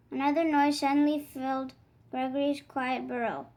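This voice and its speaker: A woman reading a children's picture book aloud in a gentle, expressive way. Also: sits high, moderate pace, rough recording. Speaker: storybook reader. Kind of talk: children's read-aloud narration.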